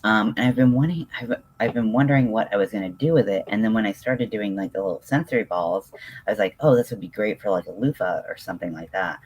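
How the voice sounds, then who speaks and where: A man hosting a casual crafting livestream, reading chat and reacting with excitable gushing between lots of ums and restarts. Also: lowish voice, fast, husky.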